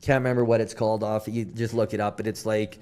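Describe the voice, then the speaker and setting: A man's voice: fairly low pitch, fast talker, clear, resonant tone. A young Canadian man on a podcast, telling a story casually with many fillers and acted-out quotes. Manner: animated, lots of fillers, quoted dialogue. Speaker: podcast guest.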